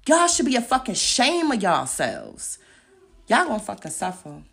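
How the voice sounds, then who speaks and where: A woman's voice: fairly high pitch, huge pitch swings, normal speed, gravelly, a bit bright. A young woman hosting a podcast, ranting in a heated, profane and confrontational way and firing off repeated rhetorical questions. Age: young adult. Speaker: podcast host. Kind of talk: angry podcast rant.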